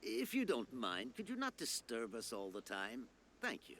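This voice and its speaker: A man's voice: mid-range voice, huge pitch swings, moderate pace, pushed and bright, a little hiss or hum, heavily acted. A man voicing a pompous, rule-bound old university rector in a video game. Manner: pompous, formal.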